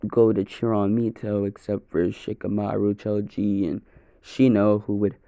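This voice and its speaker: A man's voice: fairly low pitch, monotone, measured pace, creaky, dark tone, dry recording, dull audio. A young man narrating an improvised first-person fan story, rambling, correcting himself and swearing casually.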